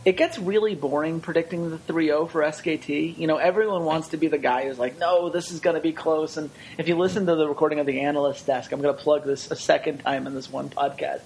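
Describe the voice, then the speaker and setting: A man co-hosting an esports podcast, chatting casually with quick, wry jokes. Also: a little high, fairly even intonation, creaky, darkish tone, slight background noise, low-quality recording.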